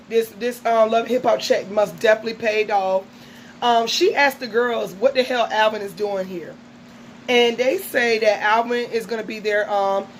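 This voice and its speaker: A woman's voice: on the high side, slight background noise, poor audio. A woman casually recapping a reality show episode in a chatty, gossipy way.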